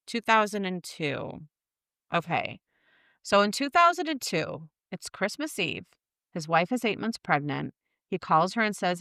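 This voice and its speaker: A woman's voice: mid-range voice, measured pace, gravelly, no echo, clean studio sound. Blunt, swearing true-crime podcast woman. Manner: blunt, swears freely, animated storytelling. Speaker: podcast co-host. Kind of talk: casual true-crime chat.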